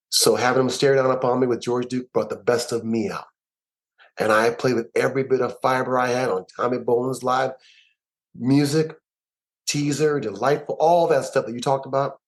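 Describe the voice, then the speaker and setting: A man, a musician and producer, telling stories in an interview with an emphatic, animated way of talking and lots of repeated words. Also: medium pitch, low-quality recording. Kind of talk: storytelling interview.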